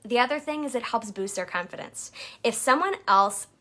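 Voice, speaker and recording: A woman's voice: on the high side, animated, moderate pace, a bit bright. A woman leading a direct-sales team, giving a chatty motivational coaching talk and acting out quotes in jumpy voices.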